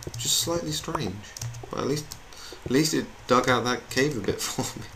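A man's voice: mid-range voice, normal speed. Chatty young man gaming. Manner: chatty, rambling, self-mocking. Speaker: gamer. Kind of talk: gameplay commentary. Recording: noisy home recording with keyboard clicks.

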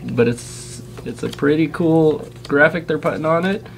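A channel host opens trading card packs in a casual unboxing video, chatting eagerly and reeling off card names. His voice is a little high, with vocal fry, at normal speed.

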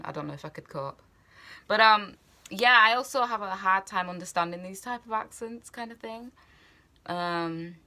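A woman with a bright, forceful voice that sits fairly low in pitch. She chats casually to her viewers, thinking aloud and wandering off on tangents, with plenty of "um" and "like" along the way. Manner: rambling, thinking aloud with many fillers. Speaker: vlogger. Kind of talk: casual chat.

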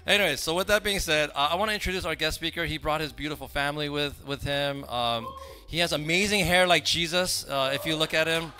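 A man's voice: a little high, fairly quick, sharp tone. A man giving casual, joking announcements to a church congregation, chatty and full of asides. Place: church sanctuary.

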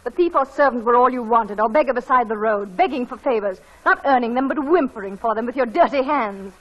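A woman's voice: a little high, animated, fairly quick, muffled recording. A proud, headstrong young lady. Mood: scornful. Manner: imperious, then desperate shouting. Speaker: lead actress. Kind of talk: 1940s radio acting.

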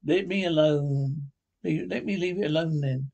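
A man's voice: on the high side, normal speed, gravelly, a little mellow. A man reading a stern, scornful old miser. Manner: curt, cold, indignant.

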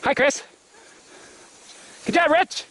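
A man's voice: very high voice, slow pace, bright, forceful tone, a little hiss or hum. A man filming friends on a ski trip outdoors, cheering them on, teasing and laughing often in casual commentary. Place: outdoors on a snowy hill. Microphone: handheld camera.

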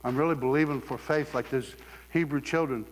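A middle-aged man from Southeast Ohio preaching a sermon, telling stories with lively acted quotes and laughter. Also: mid-range voice, fairly quick, in a large hall, a little hiss or hum.

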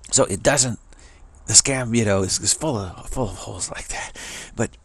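Guy musing through a spiritual talk, super raspy husky voice, repeats stuff for emphasis. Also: fairly low pitch, unhurried, no echo. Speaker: spiritual teacher. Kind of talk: casual spiritual teaching monologue.

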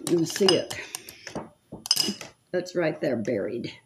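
In a very noisy recording, a woman in her seventies does her makeup on camera, chatting to viewers and muttering to herself. The makeup vlogger has a low, animated voice and takes things slowly.

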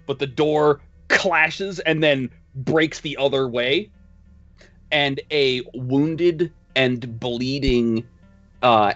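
A man's voice: a little high, a bit bright, no echo, lo-fi sound. A man narrating as game master, loose and profane, laughing between lines.

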